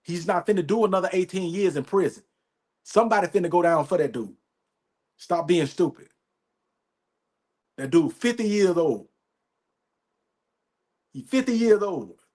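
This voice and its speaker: A podcast host ranting in an emphatic, profane, repetitive way, often asking "you know what I'm saying". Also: male voice, high voice, animated, normal speed, pauses often, darkish tone. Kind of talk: profane commentary rant.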